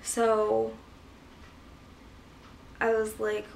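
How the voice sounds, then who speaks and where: A woman's voice: fairly high pitch, monotone, drawn-out words, gravelly. A woman vlogger casually retelling a personal story, rambling with lots of fillers. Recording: voice a bit far from mic, faint background hiss.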